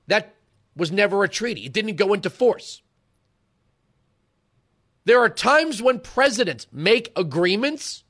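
Hosting political talk radio, a man in his forties gives an emphatic, rhetorical monologue that alternates lecturing with storytelling. His voice is high and fairly bright in tone.

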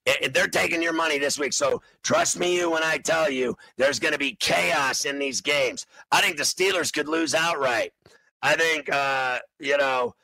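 A man co-hosting a sports betting show, loud, crude and mocking, breaking into sudden shouts. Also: a little high, vocal fry, no echo, rough recording. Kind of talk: brash sports betting talk.

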